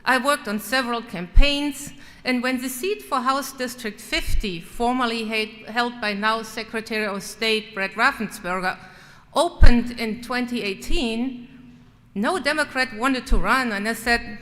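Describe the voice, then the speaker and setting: A woman's voice: fairly high pitch, unhurried, bright, forceful tone. A middle-aged woman with a German accent giving an earnest, personal farewell speech as a state legislator, with touches of self-deprecating humor. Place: large legislative chamber. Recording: long reverb in a large hall.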